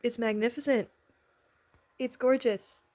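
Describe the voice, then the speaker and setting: A woman vlogger recapping a miniseries in a casual, rambling way, excitable and swearing freely. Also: fairly high pitch, measured pace.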